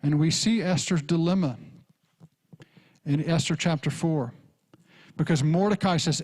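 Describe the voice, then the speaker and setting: Rich: A male pastor, preaching with animated storytelling. His voice sits on the higher side, and he slips into the characters as he goes. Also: unhurried, pauses often. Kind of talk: sermon.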